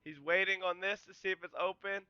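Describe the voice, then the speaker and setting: A man hosting a podcast, casually breaking down game film and walking through each play in a relaxed, conversational way. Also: high voice, fairly quick, clean tone, dry recording, lo-fi sound. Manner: excitable, yells and cheers at big plays; explains plays in a relaxed, conversational way.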